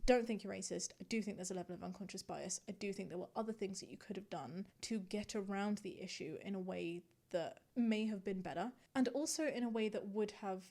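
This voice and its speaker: A woman hosting a casual commentary show, reading posts aloud and then thinking out loud in a chatty, reflective way. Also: medium pitch, a little fast, creaky, hardly any pauses. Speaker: host reading and judging online posts.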